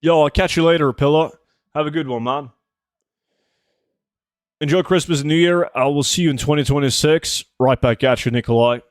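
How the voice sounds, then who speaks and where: A man's voice: on the high side, moderate pace, pauses often, no room sound, studio quality. A man in his twenties chatting casually with his chat while playing a game on a livestream. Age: 20s. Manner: relaxed, answering chat while gaming. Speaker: streamer.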